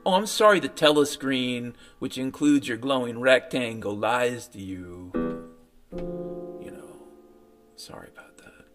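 A man's voice: mid-range voice, fairly bright tone. A man ranting in a sardonic, profane monologue as a podcast host, mocking what others tell him. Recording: faint piano music behind.

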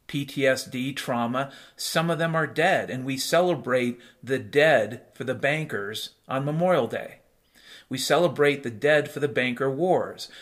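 A man's voice: on the high side, fairly bright tone. A man hosting a solo commentary show, ranting in a profane, sardonic way. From United States. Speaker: podcast host.

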